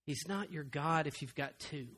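Male preacher, high bright tone, passionate sermon with big dynamic swings. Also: moderate pace, breathy edge. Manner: impassioned, swinging from loud to hushed. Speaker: pastor. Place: church.

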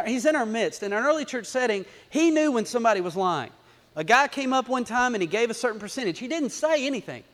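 A man's voice: very high voice, fairly bright tone. A male pastor preaching a sermon, talking animatedly, repeating phrases and building to emphatic bursts. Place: church sanctuary. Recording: long hall reverb.

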